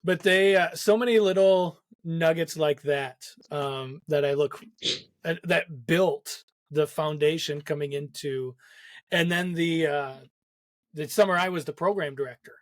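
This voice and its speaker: A man's voice: a little high, measured pace, no room sound. A young adult man hosting a casual interview, laughing often as he reminisces with an old mentor. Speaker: podcast host.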